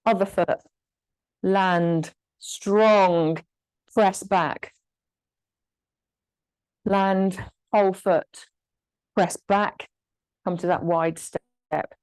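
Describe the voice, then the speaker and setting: Woman, fitness instructor, slow steady cues, encouraging, mid pitch. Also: clean tone, low-quality recording. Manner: slow, encouraging cues with short counted commands. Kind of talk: guided exercise class.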